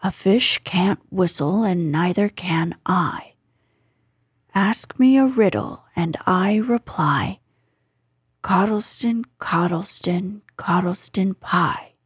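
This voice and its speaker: A woman voicing a kindly, simple male teddy bear in a storybook, with gentle, soft, half-whispered singing. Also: on the low side, sing-song, very slow, husky, dry recording, studio quality, pitched below the performer's own voice, full character voice.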